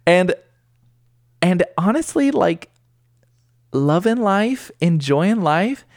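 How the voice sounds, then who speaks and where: Brief: young male podcast co-host, excitable and slangy, with a lively voice and a dry, close sound. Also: sits high, slow pace, no echo. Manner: excitable, slangy, says "dude" and "bro" a lot. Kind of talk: casual music chat.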